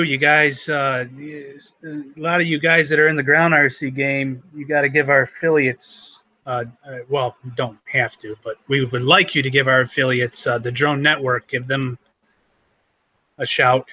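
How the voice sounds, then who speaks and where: A man co-hosting a casual livestream chat, relaxed and chatty. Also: medium pitch, normal speed, no room sound. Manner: relaxed, chatty, laughs easily. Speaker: co-host of a livestream show. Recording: dull, dry lo-fi stream audio.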